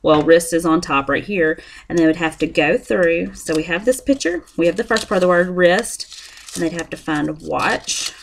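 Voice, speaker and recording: A woman's voice: lowish voice, normal speed, gravelly, slight background noise. A young woman demonstrates a lesson plan step by step, often apologizing as she goes. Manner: apologetic, chatty, explains step by step. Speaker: student teacher presenting a lesson plan.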